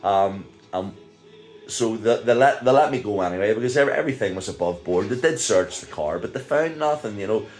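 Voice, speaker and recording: Chuckling older Northern Irish man, deep. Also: lively intonation, brisk, faint music behind. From Northern Ireland. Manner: rambling, chuckles often, many fillers. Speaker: vlogger. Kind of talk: casual storytelling.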